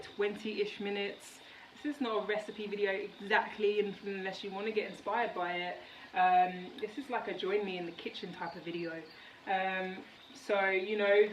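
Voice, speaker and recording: A woman's voice: medium pitch, a little hiss or hum. Chatty woman in a roomy kitchen. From United Kingdom. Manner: chatty and rambling, many fillers. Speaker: vlogger. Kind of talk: casual cooking vlog chat. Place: home kitchen. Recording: roomy kitchen, mic at a distance, faint background.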